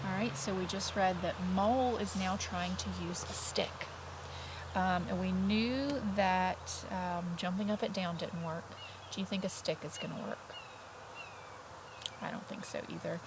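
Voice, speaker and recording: A woman's voice: lowish voice, a little slow, background noise. A woman kindergarten teacher reading a picture book aloud to young children, stopping to chat and ask them questions. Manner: chatty, asks children questions, voices story characters.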